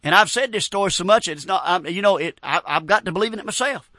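A man preaching a folksy, storytelling sermon, animated and punctuated with amens. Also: high voice, fast talker, no room sound, studio quality.

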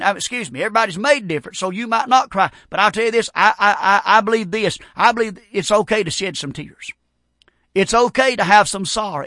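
A middle-aged man preaching a sermon, folksy and emphatic, moving from loud declarations to quiet personal asides. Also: a little high, no echo, studio quality. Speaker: pastor.

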